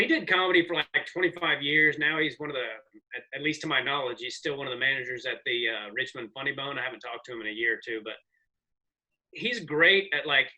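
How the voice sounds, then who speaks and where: Bright-voiced man, animated comedian. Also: fairly high pitch, rough recording. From American South. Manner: rambling, animated storyteller with profanity. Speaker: comedian guest. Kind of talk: casual podcast chat.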